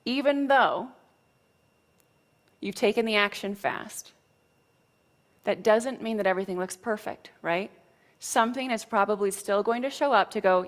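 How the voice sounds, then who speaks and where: A woman's voice: medium pitch, measured pace, long pauses. A woman teaching as a spiritual coach, talking frankly and casually, with mild cursing and frequent check-ins with her listeners. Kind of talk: motivational teaching talk.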